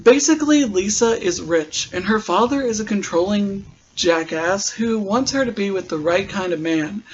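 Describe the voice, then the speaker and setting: A man with a notably high voice talks through a TV episode in a loose, joking podcast recap, wandering off into asides. The sound is dull and lo-fi, with a faint hiss underneath. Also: moderate pace. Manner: chatty, joking, rambling asides.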